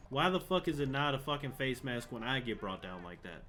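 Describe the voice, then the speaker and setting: A man's voice: mid-range voice, fairly quick, bright, forceful tone, a little hiss or hum. Frustrated young man ranting over gameplay. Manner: frustrated, swearing, ranting at the game. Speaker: gaming channel host. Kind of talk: live gameplay commentary.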